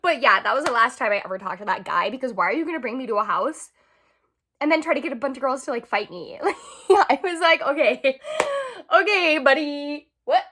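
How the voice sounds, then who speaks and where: Brief: a high-voiced woman in her twenties, a casual, chatty vlogger telling a story. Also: animated, fast talker, background noise. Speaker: beauty vlogger. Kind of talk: casual chat.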